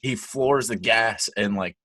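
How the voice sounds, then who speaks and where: A man co-hosting a casual podcast, telling animated stories with frequent laughs and swearing freely. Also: fairly low pitch, measured pace. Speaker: podcast co-host. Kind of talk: casual chat.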